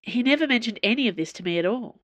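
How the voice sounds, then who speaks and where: A woman's voice: fairly high pitch, lively intonation, fast talker, a bit bright, pitched above the performer's own voice. A woman doing a rattled hungover young man. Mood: flustered. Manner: blurting, sputtering.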